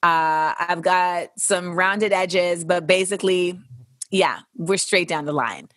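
Here the young host's voice sits fairly low, slow and a bit bright, captured in a studio with no room sound. She fields listener questions in a casual chat, blunt, candid and at times profane, using playful voices when quoting.

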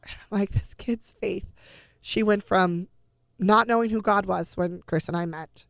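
Woman with a gravelly voice telling a family story. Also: mid-range voice, unhurried, dry recording, studio quality. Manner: emotional retelling with acted-out quoted dialogue. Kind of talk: personal storytelling.

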